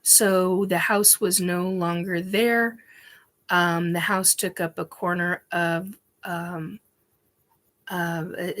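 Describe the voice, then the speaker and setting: A woman's voice: lowish voice, a bit bright. A woman hosting a show, telling a personal story in a rambling, emphatic way with many ums and restarts. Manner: emphatic, swears casually. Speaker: host.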